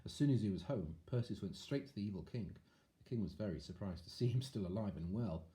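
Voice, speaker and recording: A man's voice: on the low side, fast. A man reading a picture book aloud to children, with chatty asides. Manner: animated, chatty asides to young listeners. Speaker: storyteller.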